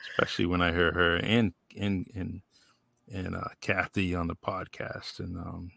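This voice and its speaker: A man with a very low, gravelly voice hosts a podcast, rambling along in easy conversation full of fillers. The sound is dry and close, with no room around it. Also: little pitch movement, moderate pace, bright, forceful tone, dry recording. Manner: rambling, laid-back, lots of fillers. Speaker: podcast host. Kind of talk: casual interview chat.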